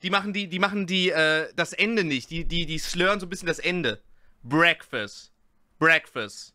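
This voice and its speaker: A man's voice: sits high, fast, sharp tone. A German man streaming live, copying English phrases and commenting on them. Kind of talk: casual live-stream chat.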